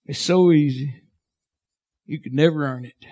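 A man preaching a sermon as pastor, fervent and folksy, swinging from shouts to hushed tones. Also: on the high side, a little slow.

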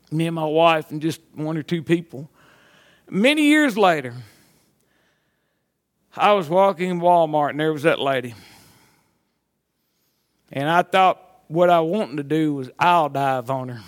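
A middle-aged man, a pastor preaching a sermon with folksy stories that build to fervent exhortation. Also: sits high. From Mississippi.

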